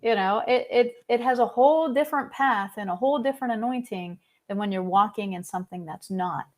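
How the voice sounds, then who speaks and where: A woman's voice: medium pitch, a little fast. A woman guest in a casual spiritual conversation, telling her story with enthusiasm and acting out the quotes.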